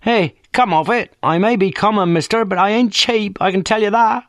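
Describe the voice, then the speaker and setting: A man's voice: high voice, moderate pace, fairly bright tone, no echo, clean studio sound, pitched above the performer's own voice. A man reading an audiobook, voicing a brash, common-talking young woman on the phone. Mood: defiant. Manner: cheeky, defensive, common speech.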